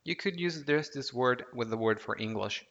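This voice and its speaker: A man teaching an audio language lesson, patient and deliberate, prompting the listener to repeat words aloud. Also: medium pitch, animated, vocal fry, a bit bright. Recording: dull lo-fi audio with long reverb.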